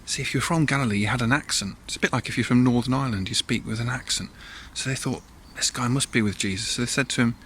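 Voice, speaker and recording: A man's voice: mid-range voice, fast talker, few pauses, fairly bright tone, slight background noise. A man leading a church all-age talk, telling a Bible story in a chatty way with asides to listeners and acted voices.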